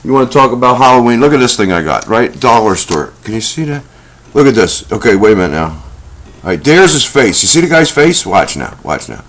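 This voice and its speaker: A man's voice: medium pitch, very animated, brisk, a bit bright. A middle-aged man talking casually to the camera in a rambling, folksy way, with many fillers and asides. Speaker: self-help video host.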